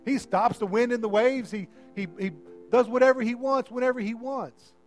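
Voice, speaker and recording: A man's voice: extremely high pitch, fairly even intonation, normal speed, soft background music. A male pastor preaching an impassioned sermon into a handheld microphone in a church, pleading with his listeners. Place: church sanctuary.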